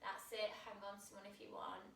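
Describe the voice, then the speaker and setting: A woman's voice: mid-range voice, monotone, quick pace. A woman guiding a children's yoga class, playful and encouraging, heard from a distance in a roomy space. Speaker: kids yoga instructor.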